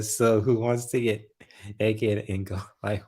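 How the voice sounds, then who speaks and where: Sleepy guy on a late night stream, lowish voice, slow, keeps cracking up at chat. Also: level tone, a little mellow. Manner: laughs often, playful and teasing. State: sleepy, yawning. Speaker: livestream host. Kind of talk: casual live stream chat reading comments.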